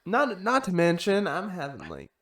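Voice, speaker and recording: A man's voice: high voice, huge pitch swings, moderate pace, a bit bright. A man co-hosting a casual chat, blunt and swearing, with short interjections. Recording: distant mic with noticeable noise.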